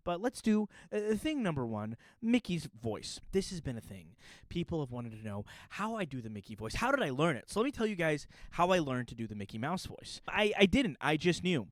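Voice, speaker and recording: A man's voice: a little high, brisk, no echo. A young man telling stories in a casual, joking chat to camera as a puppeteer and YouTuber. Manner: animated, joking, storytelling.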